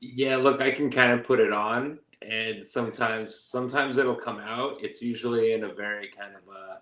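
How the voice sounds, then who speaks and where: A man with an American accent touched by Australian, chatting as a guest in a relaxed, hesitant way. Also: medium pitch, normal speed, roomy sound. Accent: American with slight Australian tinge. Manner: relaxed, hesitant, lots of fillers. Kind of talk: casual chat.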